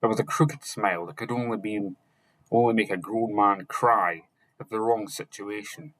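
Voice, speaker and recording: A man narrating chapters of a fantasy novel, reading slowly and haltingly, sometimes correcting himself and only lightly voicing the characters. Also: on the low side, fairly even intonation, fairly bright tone, rough recording. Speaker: audiobook narrator.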